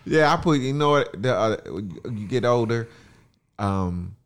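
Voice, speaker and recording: A man chats as a guest on a comedy podcast, easygoing and quick to laugh. He often stumbles and restarts his phrases, and his pitch moves in a lively way. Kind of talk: casual comedic chat.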